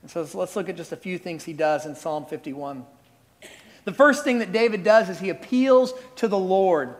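A man in his forties preaching a sermon as a pastor, retelling stories in an animated, conversational way. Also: high-pitched, normal speed. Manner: animated storytelling, conversational asides. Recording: reverberant hall.

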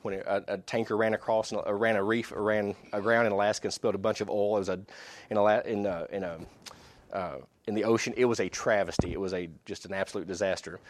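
A man with a lowish voice reads long passages from articles to an audience, breaking off for his own asides and stumbling restarts. The sound is dry and close, with little room in it. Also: steady tone, quick pace, no room sound. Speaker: speaker reading articles to an audience. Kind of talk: sermon-like talk reading aloud from articles.

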